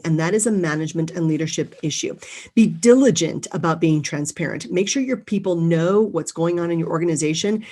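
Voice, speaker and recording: A middle-aged woman giving a motivational talk on leadership, lively and acting out quoted people. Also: lowish voice. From United States. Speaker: leadership speaker.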